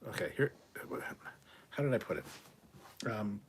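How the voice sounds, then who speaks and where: A man's voice: fairly low pitch, very animated, a little slow, long pauses, slight background noise. A man hosting a casual livestream, reading viewer comments aloud and answering them in an offhand, profane way. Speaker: livestream host reading chat. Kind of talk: casual live chat.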